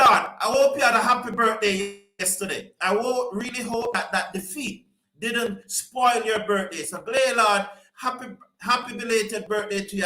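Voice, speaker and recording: Man, high and bright, chatty stream host, echoey room. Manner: chatty, greets viewers by name, repeats himself. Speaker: host reading viewer comments. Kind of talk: casual live-stream commentary.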